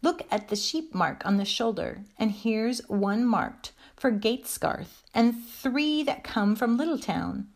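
A woman's voice: on the high side, lively intonation, slow, vocal fry, hardly any pauses, exaggerated voice. A woman voicing a stout, anxious hedgehog washerwoman in a storybook reading, chatty and deferential. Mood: polite, fussy. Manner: bobbing, deferential, chatty about the washing.

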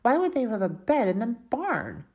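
A woman's voice: fairly high pitch, sing-song, moderate pace, darkish tone, husky, highs cut off, pitched above the performer's own voice, full character voice. A woman doing a blunt questioning boy. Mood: curious. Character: curious rough boy.

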